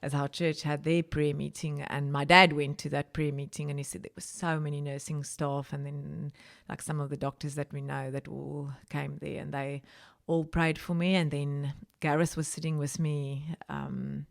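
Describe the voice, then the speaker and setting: Woman guest from South Africa, low voice, conversational testimony, emotional. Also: flat delivery, normal speed, vocal fry. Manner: emotional, rising pitch when recounting prayer. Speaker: podcast guest.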